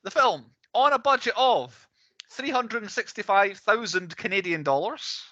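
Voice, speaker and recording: A man in his late thirties chats on a film podcast, rattling off facts with little hedges and chuckles. His voice is bright and fairly high, swooping up and down a lot. The audio is dry but dull and lo-fi. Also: expressive, moderate pace, no echo. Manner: reads facts with hedging asides, chuckling. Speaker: podcast co-host presenting the film's cast. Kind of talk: casual film-podcast chat.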